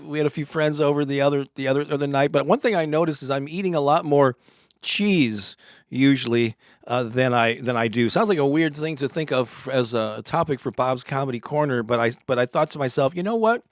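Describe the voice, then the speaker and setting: A man's voice: medium pitch, a little fast, no echo, studio quality. A man hosting a live stream, reading corny cheese jokes and laughing at his own puns.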